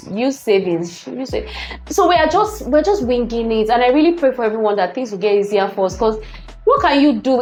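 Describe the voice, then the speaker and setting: Chatty Nigerian woman, high voice. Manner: laughs often, lively and chatty. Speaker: vlogger. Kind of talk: casual commentary reading tweets.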